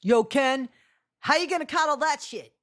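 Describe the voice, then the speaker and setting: A woman's voice: high voice, normal speed, fairly bright tone. A woman hosting her own channel and giving blunt, sarcastic reaction commentary. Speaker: channel host.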